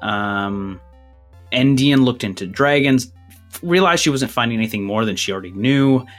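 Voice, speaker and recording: A man's voice: medium pitch, animated, moderate pace, faint music behind. A man running a tabletop game as game master, rambling through rule changes and a recap, a bit out of breath. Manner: rambling, self-interrupting, laughs at his own jokes.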